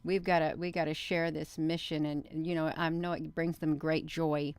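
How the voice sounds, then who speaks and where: On a casual livestream, a woman chats with her viewers, calls them "you all," and often talks to herself while she works. Her voice is low and darkish with little pitch movement, moderate in pace, clear and resonant, with no echo.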